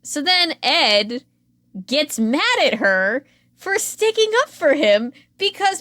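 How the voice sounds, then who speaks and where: A woman's voice: sits high, sing-song, slow, pushed and bright, dry recording, studio quality. A woman co-hosting a podcast, recapping a reality show in a chatty, sarcastic way with frequent fillers. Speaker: podcast co-host.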